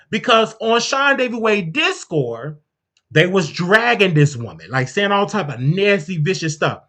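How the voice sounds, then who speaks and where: A woman's voice: medium pitch, sing-song, unhurried, fairly bright tone. A woman hosting a show, telling gossip in a casual, chatty storytelling way with frequent restarts. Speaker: host.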